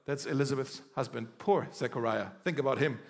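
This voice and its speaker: A male pastor preaching a sermon in a conversational, animated way, acting out quoted dialogue. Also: mid-range voice, a little fast, gravelly, long reverb tail. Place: church.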